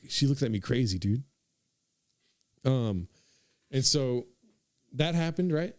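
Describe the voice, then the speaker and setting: A young podcast host tells a comic story in a rambling, profane style, full of "dude" and asides to his listeners. His mid-range voice has lively intonation at normal speed with long pauses, recorded in studio quality with no room sound.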